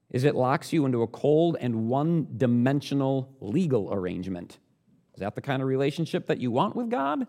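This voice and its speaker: A man preaching a sermon, earnest and direct, asking the listeners questions and building up louder on the points he stresses. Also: medium pitch.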